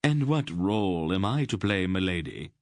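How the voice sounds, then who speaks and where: A man voicing a sly, witty thief who talks in a smooth, ironic way. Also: deep voice, very animated, moderate pace, darkish tone, dry recording. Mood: wry.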